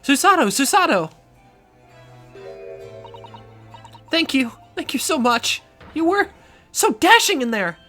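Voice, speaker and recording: A man voicing a cheerful, excitable young woman in a video game, gushing and breathless. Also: extremely high pitch, normal speed, soft background music, voice pushed up, heavily acted. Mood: thrilled.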